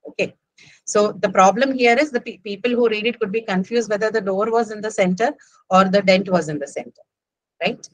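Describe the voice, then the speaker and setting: A woman's voice: mid-range voice, a little fast, no room sound, rough recording. Indian English woman teaching writing. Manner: explains patiently, with frequent "right?" and "okay?" checks. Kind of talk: online lecture.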